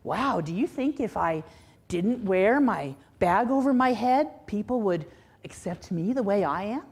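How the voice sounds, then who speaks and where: A woman's voice: medium pitch, animated, measured pace, a little mellow, husky. A woman voicing an insecure king who feels mocked, defensive and pleading. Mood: hurt, hesitant.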